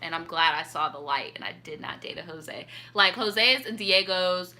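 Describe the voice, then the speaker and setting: Young woman host, bright and punchy, animated and petty storytelling with lots of swearing. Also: on the low side, normal speed, slight background noise. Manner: animated, petty and profane, laughing asides. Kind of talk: casual chat reading viewer stories.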